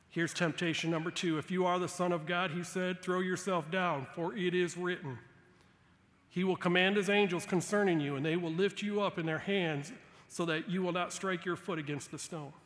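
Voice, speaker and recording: A man's voice: sits high, a bit bright. A male guest pastor delivering a sermon, reading scripture aloud with dramatic, emphatic quotes. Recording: long hall reverb.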